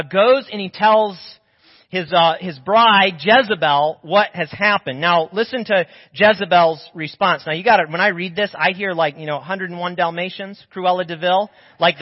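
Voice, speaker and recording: A man preaching a sermon as pastor, telling a Bible story with animated, acted-out voices. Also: sits high. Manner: animated storytelling, acts out biblical figures' voices. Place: church sanctuary. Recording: muffled audio in a reverberant church.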